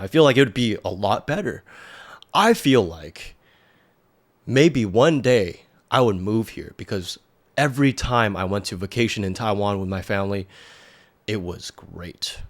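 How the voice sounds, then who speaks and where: A man's voice: fairly low pitch, expressive, measured pace. A man in his thirties tells a personal story in a rambling, casual way, full of "like" and "um". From United States. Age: 30s. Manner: rambling, lots of "like" and "um". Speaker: podcast host.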